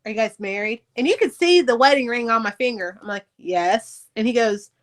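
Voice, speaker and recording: A middle-aged woman, an author on a podcast, candidly telling her life story in casual, profane, animated speech. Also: a little high, a little fast.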